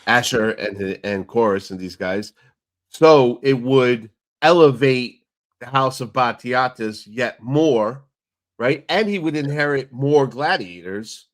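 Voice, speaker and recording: A man's voice: medium pitch, slow pace. A man co-hosting a casual TV recap chat, steadily explaining the plot step by step. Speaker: podcast co-host.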